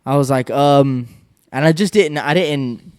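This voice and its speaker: A man's voice: medium pitch, measured pace, smooth, dry recording, clean studio sound. A young man telling a casual story on a podcast, laughing often and swearing freely as he acts out what everyone said. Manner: laughing, profane, animated retelling.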